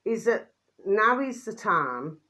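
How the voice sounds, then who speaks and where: A woman's voice: sing-song, sharp tone. Woman, chatty rambling commentator who keeps checking in with her viewers. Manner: rambling, full of fillers and repeated tag questions; drops pet phrase "my delicious babies" in a quick low aside. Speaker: vlogger commenting on videos.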